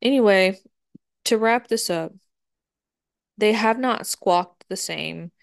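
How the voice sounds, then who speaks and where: A podcast host tells a story in a casual, chatty monologue, cursing freely and acting out her own quotes. Her voice is medium-pitched, slow, and gravelly.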